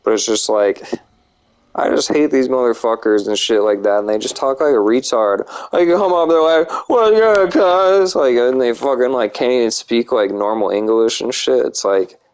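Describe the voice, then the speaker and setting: A man's voice: on the low side, moderate pace, darkish tone, clean tone, low-quality recording. A man giving casual, profane, rambling commentary while playing a video game, with lots of fillers. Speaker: gamer. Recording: clicking noise in background.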